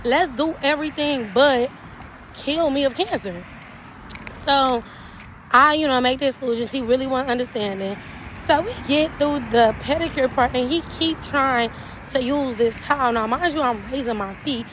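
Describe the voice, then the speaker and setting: A young woman telling a storytime vent to camera, animated and indignant, acting out her own side of the exchanges. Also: sits high, normal speed, a little hiss or hum, poor audio. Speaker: vlogger.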